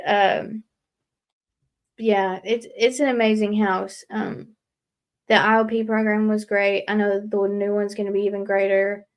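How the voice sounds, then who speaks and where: A young woman speaks as a guest in a casual live interview. She talks earnestly and rambles, with lots of fillers. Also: mid-range voice. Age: young adult. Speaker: guest leaving a recovery house.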